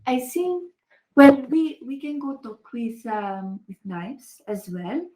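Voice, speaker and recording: A woman voicing a cautious, earnest group leader in a put-on French accent, speaking slowly and formally with many hesitations. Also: on the high side, a little mellow, echoey room, poor audio. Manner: slow and hesitant, formal phrasing. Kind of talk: tabletop role-play in character.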